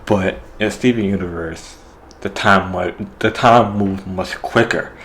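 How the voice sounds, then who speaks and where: A man's voice: low-pitched, measured pace, fairly bright tone, slight background noise, low-quality recording. A man casually retelling a TV episode, rambling with lots of fillers. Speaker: show reviewer.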